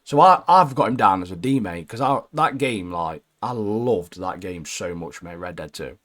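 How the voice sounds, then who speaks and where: A young man chats about video games in a loose podcast banter, dropping "mate" at the end of nearly every sentence. His voice sits low, and his opinions come out blunt and sure. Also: lively intonation, moderate pace, fairly bright tone. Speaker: podcast co-host. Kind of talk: casual gaming chat.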